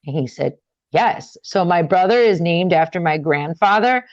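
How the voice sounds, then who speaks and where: A young woman telling a personal story in an interview, talking casually with many fillers and getting animated and higher when upset. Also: normal speed, no room sound, highs cut off. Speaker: interview guest.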